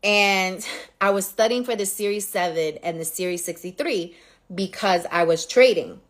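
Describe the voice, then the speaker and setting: Woman, New York accent, thirties, livestream host, candid, swears freely, animated storytelling, mid pitch. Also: normal speed. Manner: candid, profane, animated, talks straight to viewers.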